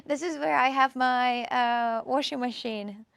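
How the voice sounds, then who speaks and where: A woman's voice: high-pitched, a little slow, gravelly, fairly bright tone, clean tone, no room sound. Chatty woman streaming from her backyard. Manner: rambling, restarts sentences often. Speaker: livestream host. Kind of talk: casual live-stream chat. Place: outdoors in a backyard. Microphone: phone camera.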